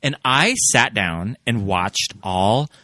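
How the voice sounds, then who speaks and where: A man co-hosting a podcast in casual chat, speaking in measured, thoughtful phrases. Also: fairly low pitch, expressive, sharp tone, no room sound, studio quality. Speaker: podcast co-host.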